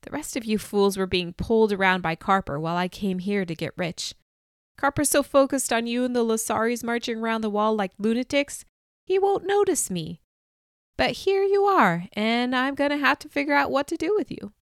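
A woman's voice: a little high, animated, moderate pace, no echo, studio quality. Woman reading as a scornful, menacing young girl. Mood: scheming. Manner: contemptuous, threatening.

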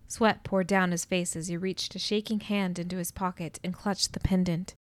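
A woman narrating an audiobook in a measured, expressive way, on a close studio mic. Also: lowish voice, dry recording.

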